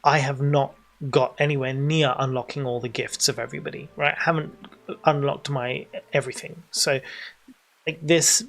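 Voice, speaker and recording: A man's voice: mid-range voice, fairly even intonation, normal speed, creaky, a bit bright. Chatty British man walking viewers through a game. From Britain. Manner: chatty, explains as he goes, talks to chat. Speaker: streamer. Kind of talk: livestream game tutorial commentary.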